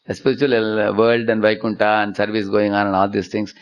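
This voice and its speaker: A man lectures on devotion in a low, gravelly voice. He tells stories and often turns to his listeners with tag questions. The recording sounds dull and lo-fi. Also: little pitch movement, fairly quick. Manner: storytelling, with frequent tag questions. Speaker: spiritual teacher.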